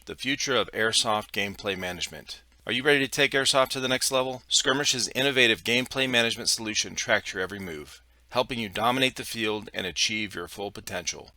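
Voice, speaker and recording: An easygoing male podcast host with a low but very bright, forceful voice. He chats and then reads sponsor spots briskly, and the recording is dry and close. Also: no room sound. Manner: easygoing, quick to laugh, reads ads briskly. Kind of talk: podcast chat and read sponsor ads.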